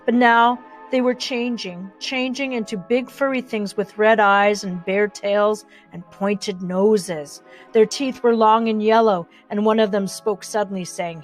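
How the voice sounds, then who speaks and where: A woman narrating a children's novel in a gentle, measured way. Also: mid-range voice, steady tone, faint music behind. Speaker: audiobook narrator. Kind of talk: audiobook narration.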